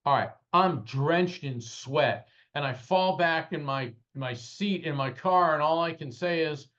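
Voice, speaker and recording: A man telling a personal story as an interview guest, animated and dramatic, his voice rising at the intense moments. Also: unhurried, few pauses, lo-fi sound. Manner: animated, dramatic retelling with rising pitch at peaks. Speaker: guest, psychic medium and lawyer.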